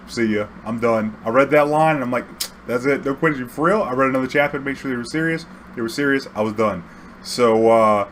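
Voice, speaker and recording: A young YouTube storyteller casually spins a rambling, profane story for his viewers, packed with fillers and acted-out quotes. His mid-range voice is a bit bright, with a little hiss or hum on the recording.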